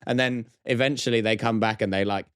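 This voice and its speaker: A man's voice: fairly low pitch, steady tone, a little fast, a bit bright, smooth, dry recording, clean studio sound. A man co-hosting a podcast, telling a long story in casual chat, acting out other people's lines and laughing often. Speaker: podcast co-host.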